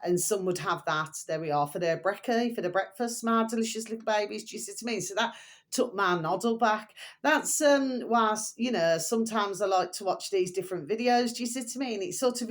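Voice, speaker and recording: A woman's voice: mid-range voice, a little fast. An older woman vlogging in a rambling, chatty way, stopping often to fondly address her viewers. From England. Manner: chatty, meandering, fond pet phrases for viewers. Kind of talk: rambling casual monologue to viewers.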